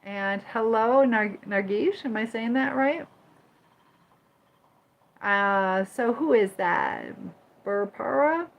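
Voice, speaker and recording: Slow, chatty woman livestream host. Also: a little high, creaky. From Michigan and Indiana. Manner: chatty, reads viewer comments aloud and greets them by name; firm when moderating the chat. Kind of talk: casual livestream chat.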